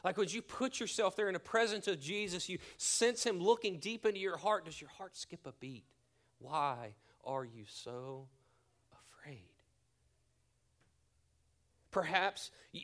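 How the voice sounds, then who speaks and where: Earnest male pastor with hushed drops. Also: high-pitched. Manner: earnest, pausing, dropping to a hushed near-whisper for emphasis; leads a spoken prayer. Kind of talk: sermon.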